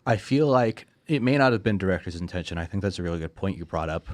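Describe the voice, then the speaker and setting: A young man hosts a relaxed movie talk in a low voice, joking with heavy sarcasm and laughing often. The sound is dry and close to the mic. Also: fast, no echo. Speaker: podcast host. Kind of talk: casual movie review chat.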